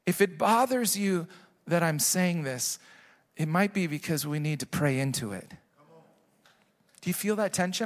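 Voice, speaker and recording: A man's voice: a little high, animated, unhurried, pauses often. A middle-aged male pastor preaching a sermon, earnest and urging, repeating his points to the congregation. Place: large church hall. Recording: long hall reverb.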